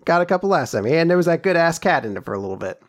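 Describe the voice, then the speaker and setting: Lively, joking podcast co-host man. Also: a little high, dry recording. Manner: joking, sarcastic, acts out characters in quick voices. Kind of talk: casual chat recapping manga chapters.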